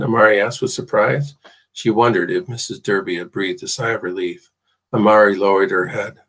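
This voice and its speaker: A man reading a novel aloud as audiobook narration, steady with the odd restart. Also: on the low side, moderate pace, gravelly, breathy edge, low-quality recording. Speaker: audiobook reader.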